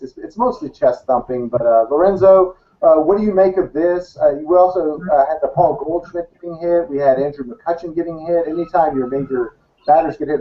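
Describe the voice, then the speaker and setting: A man hosts a casual sports panel over an online call, asking long winding questions and laughing often. His voice sits a little high, and the call audio sounds muffled and dull. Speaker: talk show host.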